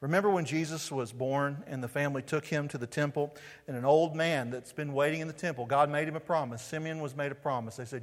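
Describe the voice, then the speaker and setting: A man's voice: on the high side, quick pace. A male pastor with a Southern US accent preaching a sermon in a church sanctuary, quizzing his congregation with rhetorical questions through a body-worn mic. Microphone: wearing a mic on his body. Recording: long hall reverb.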